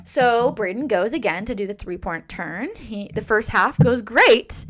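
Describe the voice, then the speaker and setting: Animated female podcast host, dramatic storyteller, bouncy and high in pitch. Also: unhurried.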